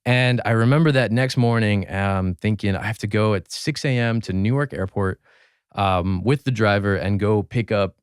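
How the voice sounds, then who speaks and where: A young man with a lowish voice chats easily as a podcast guest, winding through his stories with plenty of ums and restarts. The recording is dry and close, with no room sound. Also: normal speed, clean tone, no room sound. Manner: relaxed, anecdotal, many fillers and self-corrections. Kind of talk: casual storytelling chat.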